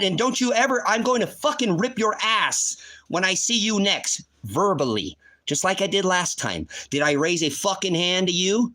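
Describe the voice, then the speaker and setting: A livestream host delivers an angry rant, heated, profane, and full of accusations. His high-pitched voice has a sing-song, pushed, bright quality at a moderate pace.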